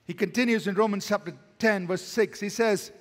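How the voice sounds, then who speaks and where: A male pastor preaching a sermon, swinging from emphatic, loud declarations to hushed, quiet lines. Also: sits high, normal speed, long reverb tail.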